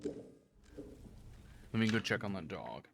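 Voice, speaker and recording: Lively, rambling man narrating a playthrough. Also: fairly low pitch, slow pace, vocal fry, slight background noise. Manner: rambling, profane, animated storytelling. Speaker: let's play host. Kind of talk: casual gameplay commentary.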